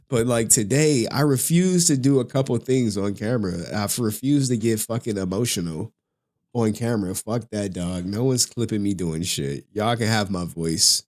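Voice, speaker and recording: A man's voice: fairly low pitch, moderate pace, a little mellow. A man in his forties hosting a casual livestream, swearing often, laughing through his words and getting emotional. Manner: profane, laughing, emotional, slangy. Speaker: livestream host.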